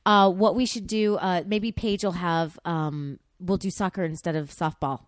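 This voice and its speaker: A woman's voice: fairly low pitch, steady tone, normal speed, no room sound, clean studio sound. A woman comedian in a casual chat, playful, chiming in and swearing casually.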